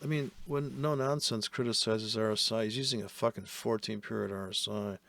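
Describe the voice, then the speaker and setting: A man's voice: fairly low pitch, fairly even intonation, a little fast, vocal fry, a bit bright, no echo. A man giving casual, profane and sarcastic commentary while trading live.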